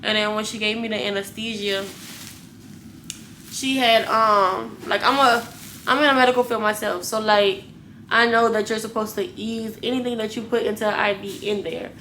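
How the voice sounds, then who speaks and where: Young woman, vlogger, casual storytelling, blunt, profane, animated, mid-pitched voice. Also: normal speed, slight background noise.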